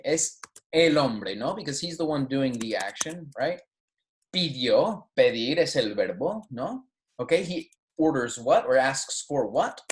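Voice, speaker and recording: Male teacher, mid pitch, patient and explanatory, often checks understanding and repeats phrases slowly. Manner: switches between English and Spanish, models pronunciation slowly. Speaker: Spanish teacher. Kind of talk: recorded language lesson.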